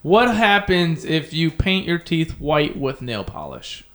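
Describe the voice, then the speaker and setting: A man's voice: on the high side, very animated, slow pace, a bit bright. A young man co-hosting a casual chat, swearing freely and calling his friend "bro". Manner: profane, rowdy, says "bro" a lot. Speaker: podcast co-host.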